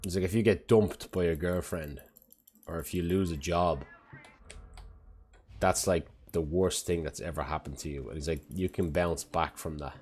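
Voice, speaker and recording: A man's voice: low voice, moderate pace, darkish tone. A man chatting casually on a live stream, rambling and swearing freely, often sounding exasperated. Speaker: parent.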